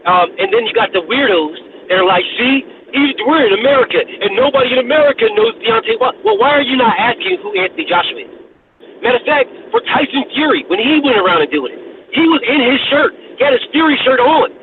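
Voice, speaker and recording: A man with a high, lively voice rants about boxing in casual, profane chat, repeating phrases as he builds his case. He comes through a thin, phone-like line with steady noise behind him. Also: quick pace. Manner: animated, profane, repeats himself and restarts. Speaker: boxing talk show co-host.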